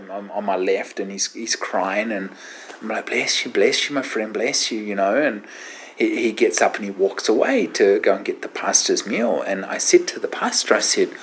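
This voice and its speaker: A man, a guest minister, telling an animated anecdote in an interview, with many fillers and acted-out quotes. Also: on the low side, slight background noise.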